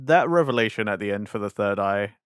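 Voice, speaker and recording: A man's voice: on the low side, expressive, fast, clean tone, dry recording, clean studio sound. A young man co-hosting a podcast in casual chat, retelling scenes with acted-out quotes and slangy asides like bruh and man. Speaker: podcast co-host.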